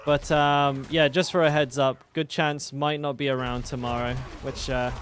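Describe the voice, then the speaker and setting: A man's voice: medium pitch, level tone, moderate pace, a little hiss or hum. A British man chatting casually with his stream chat while gaming, joking and swearing. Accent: British English. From Britain.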